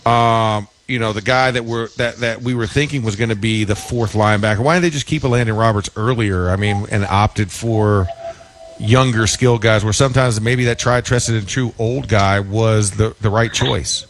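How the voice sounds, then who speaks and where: A man's voice: fairly low pitch, fairly even intonation, normal speed, slight background noise. A man co-hosting a sports radio show, asking long rambling questions. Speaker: radio co-host. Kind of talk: casual sports talk.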